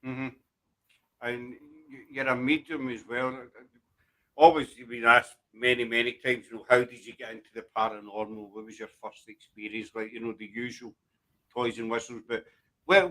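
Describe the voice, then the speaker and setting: A man's voice: medium pitch, normal speed, fairly bright tone, poor audio. A middle-aged man with a Glaswegian Scottish accent, hosting a casual chat show in a rambling, self-deprecating, joking way. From Glasgow, Scotland. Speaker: host.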